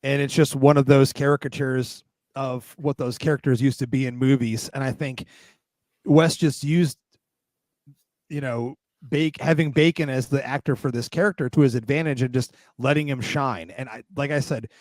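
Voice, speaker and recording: A man's voice: mid-range voice, steady tone, normal speed, a little mellow, no echo. A man hosting a casual film review podcast, talking with enthusiastic, emphatic bursts. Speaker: podcast host.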